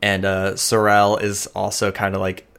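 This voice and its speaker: A man narrating as game master of a tabletop game, casual and halting, with many fillers. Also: lowish voice, completely flat delivery, creaky, a bit bright, smooth.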